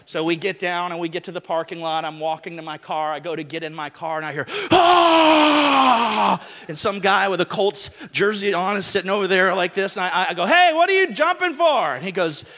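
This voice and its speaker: Male pastor, high bright voice, chatty storyteller turning into emphatic preaching, long hall reverb. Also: fairly even intonation, fast, hardly any pauses. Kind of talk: sermon opening with a personal story. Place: church sanctuary.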